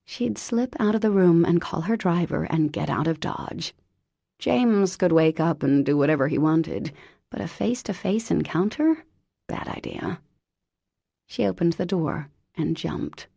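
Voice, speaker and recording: A woman narrating a romance audiobook in a wry, expressive way. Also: fairly low pitch, measured pace, gravelly, breathy edge, no room sound, studio quality. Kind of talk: scripted narration.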